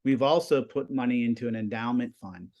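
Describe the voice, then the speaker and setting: A man in his forties, a high school TV production teacher, chatting in an interview and telling animated stories with lots of "you know" and "like". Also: brisk, dull audio. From Pennsylvania, US. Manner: animated storyteller, many fillers. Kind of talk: casual interview chat.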